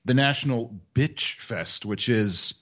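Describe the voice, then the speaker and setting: A man's voice: medium pitch, lively intonation, slow, fairly bright tone. A man co-hosting a casual sports podcast, wry and joking, often slipping into mock voices. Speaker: podcast co-host.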